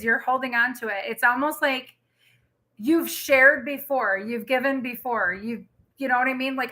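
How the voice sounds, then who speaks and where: A woman's voice: a little high, pushed and bright. A young woman giving a live tarot reading, chatty and emotional, rambling with lots of fillers. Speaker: tarot reader.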